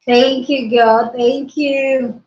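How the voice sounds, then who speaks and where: A woman hosting a casual livestream from her mobile phone, hyper, excitable and loud as she greets her viewers. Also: high voice, drawn-out words. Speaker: livestream host. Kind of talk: casual live-stream chat. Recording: roomy, dull lo-fi phone audio.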